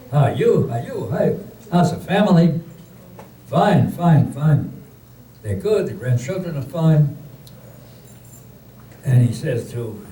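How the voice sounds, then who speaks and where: An older man telling jokes to a live audience, slow and deliberate, raising his voice for the punchlines. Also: mid-range voice, dark tone, slight background noise. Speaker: joke teller. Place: community hall. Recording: roomy, distant recording with faint ambience.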